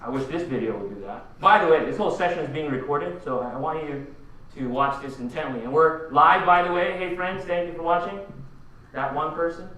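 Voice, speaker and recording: A man's voice: fairly high pitch, a little fast, sharp tone, recorded from a distance. A man from the Philippines giving a punchy conference keynote, firing rhetorical questions at the audience. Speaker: keynote speaker. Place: large conference hall. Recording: echoey hall, voice from afar.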